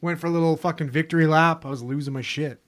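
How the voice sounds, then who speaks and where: A man's voice: a little high, fairly even intonation, fairly bright tone. A man co-hosting a podcast, bantering with enthusiasm and cursing often. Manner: quick, profane, enthusiastic. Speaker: podcast co-host. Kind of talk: casual banter.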